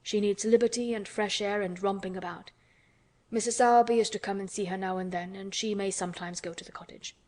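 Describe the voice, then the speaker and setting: A woman reading an audiobook, voicing a weary, grieving middle-aged gentleman who speaks slowly and quietly. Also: mid-range voice, fairly even intonation, lightly acted. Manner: slow, subdued, tired.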